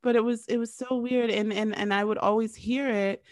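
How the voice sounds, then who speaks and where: A woman from North America interviewing a guest in casual chat. She is animated, acts out little quotes and uses lots of "like". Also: fairly high pitch, normal speed, dry recording, clean studio sound.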